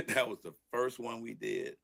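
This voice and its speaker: An older man, a record producer, telling stories from his early studio days in a relaxed interview, laughing and acting out what people said. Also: mid-range voice, unhurried, vocal fry. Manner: laid-back storyteller who laughs and acts out quotes. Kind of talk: storytelling interview.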